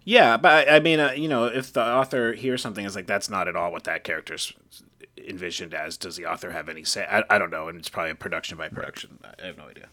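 A man's voice: lowish voice, fairly even intonation, racing, few pauses, pushed and bright. A man co-hosting a podcast, giving opinions in a casual way that often trails off unsure. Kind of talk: casual discussion.

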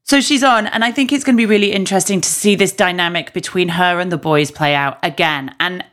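A northern English woman chatting as a podcast co-host, blunt and quick to swear. Her voice sits on the low side for a woman. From northern England. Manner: blunt, swears freely, animated opinions. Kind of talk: casual chat.

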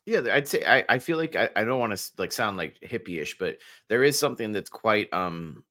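Man co-host, bright tense tone, hesitant, restarts a lot, casual swearing. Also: fairly low pitch, expressive. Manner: hesitant, halting, many fillers and restarts, swears. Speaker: podcast co-host. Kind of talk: casual chat.

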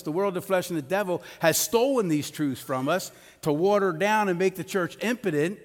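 A middle-aged man preaching a sermon as pastor in a church sanctuary, conversational, with personal stories and light jokes. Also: high voice. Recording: long hall reverb of a church.

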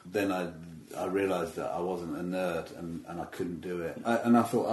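A man in his fifties talks through stories in a rambling, self-deprecating way, often stopping to restart his sentences. His voice sits a little low. The room around him rings with a noticeable echo. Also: moderate pace, few pauses, darkish tone. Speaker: comedian guest. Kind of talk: casual interview chat. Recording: roomy echo.

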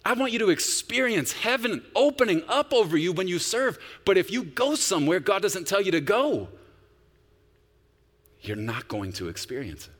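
A man preaching a sermon with a lively, wide-ranging voice that drops to a hush and then rises to near shouting. His words ring out in a church sanctuary with a long, trailing reverb. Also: sits high, normal speed. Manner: dramatic swings from hushed to loud, emphatic preaching. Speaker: pastor.

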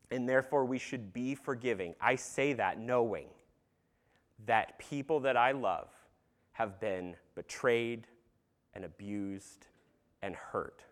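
A man's voice: mid-range voice, a bit bright. A man preaching an earnest sermon in a conversational way, with casual fillers and some humor. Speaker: pastor.

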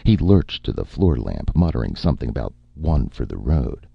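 A man narrating an audiobook story in a steady, measured storytelling voice. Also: very deep voice, creaky, slightly rough, no room sound, dull audio. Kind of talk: scripted narration.

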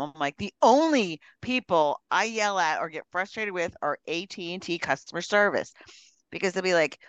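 A woman in casual podcast banter, telling animated stories and mimicking phone agents. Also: lowish voice, moderate pace, smooth, dry recording. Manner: animated storyteller, mimics call-center agents. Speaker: guest co-host.

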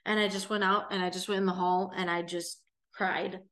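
A woman's voice: mid-range voice, level tone, moderate pace, fairly bright tone. A young woman with a Southern California accent, earnestly and reflectively telling a personal story as a guest. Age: young adult. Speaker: guest, host's daughter.

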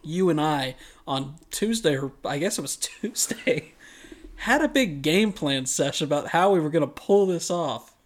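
A man co-hosting a casual podcast, teasing his friends in a mock-grumpy, deadpan way. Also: on the high side, normal speed. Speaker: podcast co-host. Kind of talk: casual chat.

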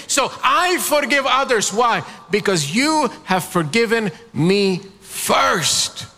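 Bright high-voiced preacher in a reverberant hall. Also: male voice. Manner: preaching with call-and-response prompts to the congregation. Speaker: pastor. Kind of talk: sermon.

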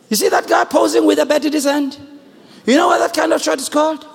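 A man with a South African accent preaching a sermon to a congregation, animated, shouting at the peaks and joking with the crowd. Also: very high voice, quick pace, creaky. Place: church hall with congregation. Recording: long echoing hall reverb.

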